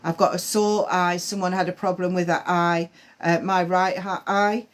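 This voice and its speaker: Hesitant woman medium, low-pitched. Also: flat delivery. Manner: hesitant, halting, many fillers and restarts. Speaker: medium giving readings. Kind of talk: live-stream spiritual reading. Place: at home on a live stream.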